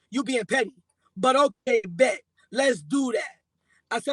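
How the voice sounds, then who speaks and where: Guy with a real high voice, dead dry sound, going over a fight line by line. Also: moderate pace, dry recording, low-quality recording. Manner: animated, acts out both sides of arguments. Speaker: guest recounting a breakup. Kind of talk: emotional casual storytelling.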